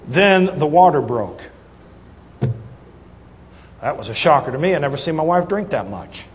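A middle-aged man preaching a sermon, telling a humorous story in an animated, folksy way that swings between loud punchlines and soft asides. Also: a little high, normal speed, a little hiss or hum. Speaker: pastor. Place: church sanctuary. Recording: reverberant church hall, faint ambience.

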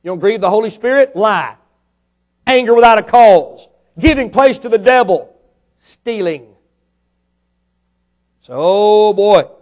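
A man preaching a sermon with fervor, firing rhetorical questions at the congregation and swinging between soft and loud delivery. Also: high voice, lively intonation, normal speed.

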